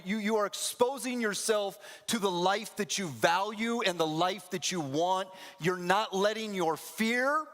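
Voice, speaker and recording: Pastor guy preaching, fairly high voice, swings all over the place, big church reverb. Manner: animated, acts out scenes in different voices. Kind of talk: sermon. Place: church sanctuary. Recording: echoey church hall.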